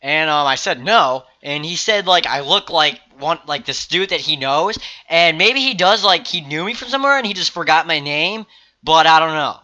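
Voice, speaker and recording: A man's voice: on the high side, expressive, normal speed, bright, forceful tone, lo-fi sound. A young man telling a story in a casual vlog, rambling, swearing freely and correcting himself as he goes. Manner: rambling, profane, self-correcting. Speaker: vlogger.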